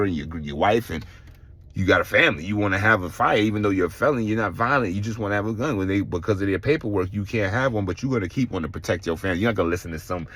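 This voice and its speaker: A middle-aged man, telling his own story in a casual vlog, animated and swearing, acting out other people's voices. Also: fairly low pitch, dry recording. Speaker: vlogger.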